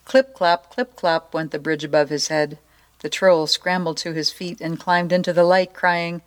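A woman reading a children's story aloud in a playful, expressive way. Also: on the low side, moderate pace, smooth. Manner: playful, expressive narration with asides.

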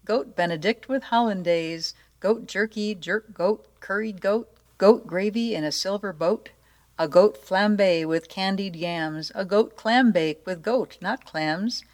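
A woman's voice: medium pitch, unhurried, natural voice. A woman voicing a greedy, boastful male troll who lives under a bridge, with a gleeful, rhyming way of talking.

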